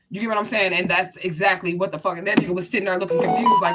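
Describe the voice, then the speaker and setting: Fast-talking blunt woman spiritual reader. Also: lowish voice, steady tone, over music. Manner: blunt, profane, chatty, addresses viewers directly. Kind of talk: casual spiritual reading to viewers.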